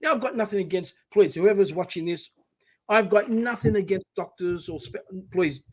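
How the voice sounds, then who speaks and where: A middle-aged man telling his personal story as a podcast guest, emphatic and animated, often quoting his own words. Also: sits high, normal speed.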